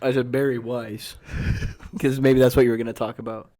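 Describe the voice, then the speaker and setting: A young man co-hosting a casual podcast at an ordinary middle pitch. He drops sardonic, deadpan remarks and swears often as the friends riff. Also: brisk. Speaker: podcast co-host. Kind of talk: casual chat.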